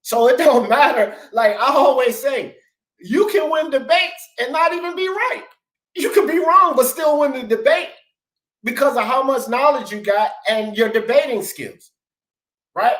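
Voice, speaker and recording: A man's voice: very high-pitched, unhurried, fairly bright tone. A man hosting a sports talk stream, arguing in a fired-up, profane, emphatic way and calling people "bro" and "dog". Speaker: host. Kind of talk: heated sports talk debate. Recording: roomy echo.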